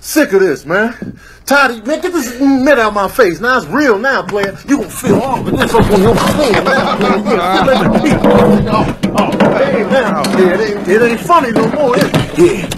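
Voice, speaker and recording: A man's voice: very high-pitched, animated, normal speed, very noisy. A man voicing an angry streetwise male cat in a comedic pet video, drawling and calling everyone "man". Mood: fed-up, threatening.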